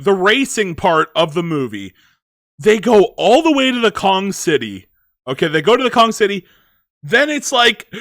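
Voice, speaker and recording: A man's voice: high-pitched, pushed and bright, no room sound, studio quality. A man giving a casual movie review, rambling with lots of filler words.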